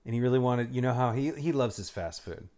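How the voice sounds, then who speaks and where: A man chatting casually, blunt and profane, who is quick to laugh and to tease. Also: mid-range voice, mellow. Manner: blunt, profane, easily amused. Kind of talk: casual chat.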